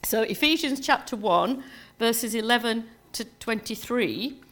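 A woman pastor preaches to her church in a relaxed, conversational manner, sprinkling in plenty of "you know" and "um." Her voice runs on the high side and a little slow.

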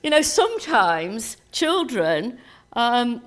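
A woman pastor giving a sermon to her church in a relaxed, conversational way, full of "you know" and "um". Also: a little high, slow pace.

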